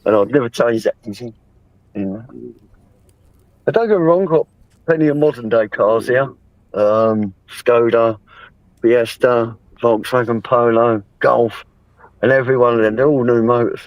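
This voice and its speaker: A man's voice: mid-range voice, moderate pace, pauses often, dry recording, rough recording. A man hosting a livestream, talking casually in a blunt, rambling way with swearing. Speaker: livestream host. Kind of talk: casual chat.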